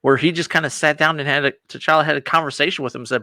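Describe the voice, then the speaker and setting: A man co-hosting a casual reaction chat, animated and acting out scenes as he recaps them. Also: mid-range voice, fast, few pauses, no room sound. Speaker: co-host.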